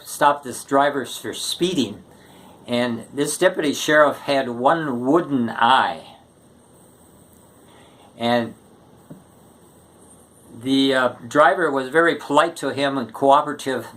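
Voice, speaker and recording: Unhurried man telling jokes. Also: medium pitch, a bit bright. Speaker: joke teller. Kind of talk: casual joke telling.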